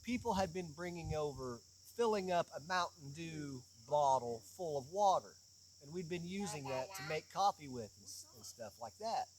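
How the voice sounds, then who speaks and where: A man hosting a casual chat outdoors, telling a funny story with lively energy. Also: fairly high pitch, moderate pace, a little hiss or hum, poor audio. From southeastern Kentucky. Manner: animated, playful storyteller. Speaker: podcast host.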